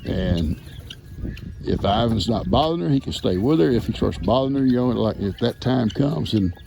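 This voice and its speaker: A man's voice: medium pitch, animated, moderate pace, vocal fry. An older man, chatting casually to his camera and sweetly to his animals on his farm. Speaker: farm vlogger. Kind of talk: casual farm vlog narration. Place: outdoors on a farm. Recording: noisy outdoor farm recording.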